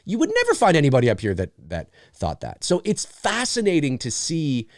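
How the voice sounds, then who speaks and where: Animated Canadian man chatting live. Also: on the high side, a little fast, no echo. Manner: animated, rambling, swears casually. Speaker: host. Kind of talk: live Q&A chat.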